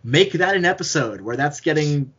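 A man's voice: a little high, animated, normal speed, fairly bright tone, slightly rough, lo-fi sound. A man co-hosting a podcast, talking casually and rambling as he thinks aloud. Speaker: podcast co-host. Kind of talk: casual chat.

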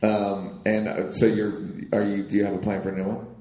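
A man co-hosting a podcast on a live stage, bantering in a dry, teasing way and halting on fillers. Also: on the low side, completely flat delivery, mellow, reverberant, low-quality recording. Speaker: podcast co-host.

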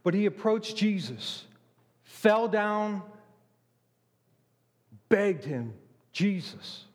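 Male preacher, slightly high voice, slow and emphatic sermon, long hall reverb. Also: expressive. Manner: emphatic, with dramatic pauses and acted-out quotes.

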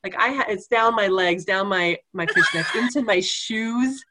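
A woman's voice: mid-range voice, unhurried, heavy background noise. A woman guest telling a funny story in casual conversation, laughing often as she talks.

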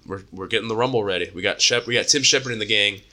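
A man with a lower voice and a very bright, forward tone, chatting casually about a book. He retells scenes with energy, jumps into the characters' lines, and laughs and swears as he goes. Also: very fast.

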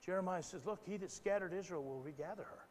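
A man preaching a live sermon as pastor, talking conversationally and then building to loud, emphatic, impassioned bursts. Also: high-pitched, fast talker. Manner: conversational asides, stops himself to rephrase. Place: church hall. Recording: live church recording with long reverb.

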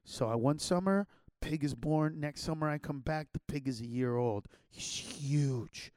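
A man's voice: on the high side, moderate pace, a little mellow, clean tone, dry recording, clean studio sound. A man telling a childhood story in a loose, rambling way, with slang and many restarts. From Los Angeles area. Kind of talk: casual personal storytelling.

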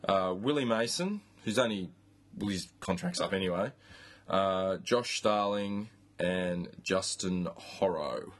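A man's voice: sits low, a little slow. An Australian man hosting a podcast, chatting casually about football, rambling with restarts and the odd swear. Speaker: podcast host. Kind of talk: casual chat.

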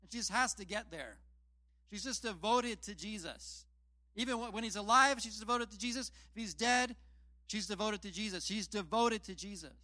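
A man's voice: sits high, normal speed, sharp tone, dry recording. A man preaching a casual sermon, retelling scripture in plain, chatty storytelling with self-deprecating asides. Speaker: pastor.

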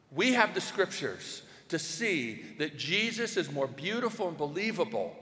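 A man preaching a sermon, lively and rhetorical, asking questions and pushing his voice up into shouts to drive points home. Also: on the high side, a little slow, hardly any pauses, in a large hall. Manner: animated, rhetorical questions, rising to shouts for emphasis. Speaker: pastor.

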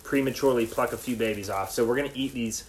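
A man co-hosting a podcast in casual chat, excitable and quick to laugh. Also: mid-range voice, a crowd in the background. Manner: excitable, chatty, laughs easily. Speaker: podcast co-host.

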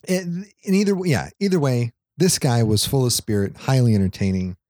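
Mellow-voiced man telling a rambling story. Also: mid-range voice, very animated, brisk, no echo, clean studio sound. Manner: rambling, laughs often, swears casually. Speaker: podcast co-host. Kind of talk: casual storytelling chat.

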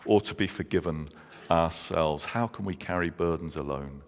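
A man, preaching a sermon and telling stories, slowing down for emphasis. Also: sits low. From England. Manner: earnest storytelling, slows down for emphasis. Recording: long reverb of a large hall.

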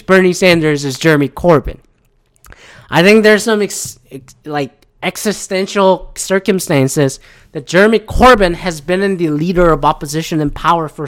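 A man hosting a podcast, from Michigan, ranting casually about politics in a profane, rambling, sarcastic way. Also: high-pitched. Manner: profane, rambling, sarcastic, mocking voices of others. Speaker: podcast host.

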